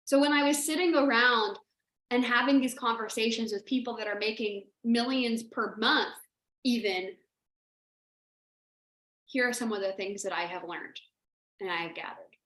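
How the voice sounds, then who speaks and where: A woman's voice: high voice, a bit bright, reverberant. A woman hosting a motivational livestream for her clients, talking straight to viewers in an emphatic, repetitive and emotional way. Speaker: business mentor hosting a livestream.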